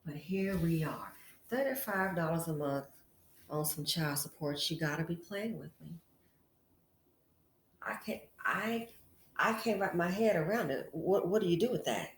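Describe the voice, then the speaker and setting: A woman's voice: on the low side, moderate pace, a little hiss or hum. A woman hosting a casual commentary vlog, talking frankly and chattily straight to her female viewers. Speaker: channel host. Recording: echoey room.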